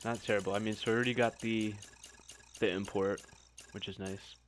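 A man's voice: fairly low pitch, little pitch movement, brisk, a little hiss or hum. A young man doing live stream commentary, chatting directly to his viewers.

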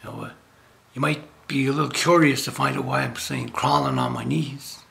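A man's voice: mid-range voice, fairly even intonation, moderate pace, sharp tone. An older man from Nova Scotia giving an informal spiritual talk as a lay preacher, rambling and jokey with many restarts. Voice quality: gravelly.

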